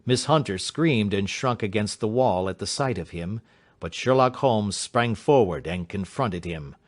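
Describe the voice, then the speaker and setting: A man giving a measured, dramatic audiobook narration. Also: fairly low pitch, expressive. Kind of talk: scripted narration.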